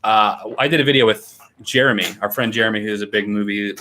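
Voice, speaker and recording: Young American male host, enthusiastic talker, lowish pitch, bright edge to the voice. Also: fairly even intonation, fairly quick, slight background noise. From United States. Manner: enthusiastic, chatty, reads comments aloud. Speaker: livestream host. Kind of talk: casual livestream chat, reading viewer comments.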